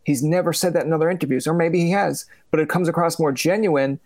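A man hosting a podcast, talking in a relaxed, rambling way with lots of fillers. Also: a little high, quick pace, no room sound. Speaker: podcast host. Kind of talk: casual podcast chat.

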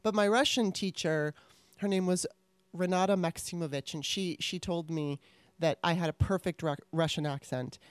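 A woman in casual chat, telling stories in an animated way and laughing often. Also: on the low side, moderate pace, smooth, dry recording.

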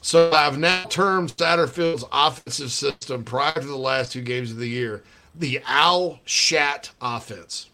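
A man's voice: mid-range voice, unhurried, bright, forceful tone. A man hosting sports radio, rambling and joking in casual banter with bursts of laughter.

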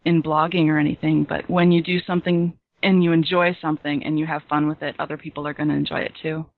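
A woman's voice: sits low, flat delivery, quick pace. A woman guest chatting casually on a podcast, laughing often and joking at her own expense. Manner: laughing, self-mocking. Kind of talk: casual chat. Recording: tinny phone-like line.

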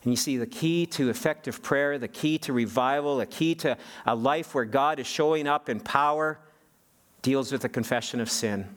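A man's voice: mid-range voice, normal speed. A man preaching a sermon as pastor. He speaks emphatically and often restarts and repeats his words.

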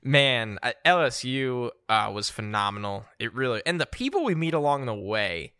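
A man from New Jersey co-hosting a podcast, telling a story with lively laughs. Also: medium pitch, moderate pace, smooth, no room sound, studio quality. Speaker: podcast co-host. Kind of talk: casual chat.

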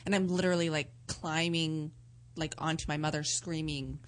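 A woman's voice: low voice, fairly even intonation, moderate pace. A woman co-hosting a radio talk show, chatting casually with blunt reactions. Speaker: co-host. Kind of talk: casual chat.

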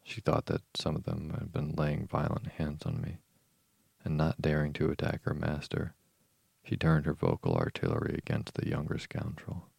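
Sleep podcast reader: very low, husky, monotone narration. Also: male voice, moderate pace, dry recording. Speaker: podcast host reading a novel. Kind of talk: calm bedtime reading of a novel.

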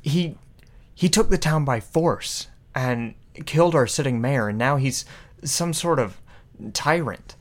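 A man's voice: medium pitch, expressive, a little slow, close to an everyday voice. A man voicing a weary barkeep in his forties who speaks in a grim, conspiratorial way. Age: 40s. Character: gruff 45-year-old male barkeep in occupied town.

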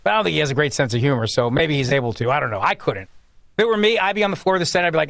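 A man's voice: on the high side, very animated, racing, vocal fry, a bit bright, no echo. A man filling in as a talk radio host, delivering a sarcastic, mocking political monologue.

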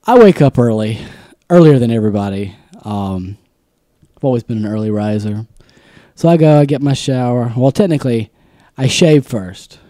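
A man's voice: mid-range voice, moderate pace, dry recording, clean studio sound. A young man co-hosting a podcast, casually telling a funny story and acting out the lines. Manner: animated storyteller, acts out quotes. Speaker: podcast co-host.

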